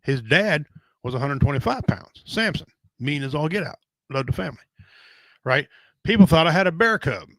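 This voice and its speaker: A man's voice: fairly high pitch, lively intonation, normal speed, a bit bright, no echo, low-quality recording. Blunt rambling middle-aged man. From Native American. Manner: rambling, blunt, folksy, swears casually. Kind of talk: casual chat.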